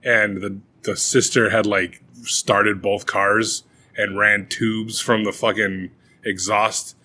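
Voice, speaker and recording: A young man co-hosting a podcast, casually and profanely retelling a movie with lively acted-out quotes. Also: lowish voice, takes it slowly, slight background noise. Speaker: podcast co-host. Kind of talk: casual chat.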